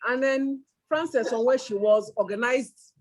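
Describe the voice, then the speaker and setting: A woman in her fifties chatting warmly on a video call, telling a story about her birthday. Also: on the high side, a little slow, poor audio. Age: 50s. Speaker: birthday celebrant. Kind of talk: casual chat on a video call.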